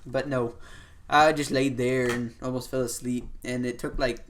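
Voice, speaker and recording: A man's voice: mid-range voice, flat delivery, normal speed, a little hiss or hum. A young man hosting a podcast, telling a long casual anecdote, loose and rambling, with lots of "like" and "you know". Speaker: podcast host. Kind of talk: casual storytelling chat.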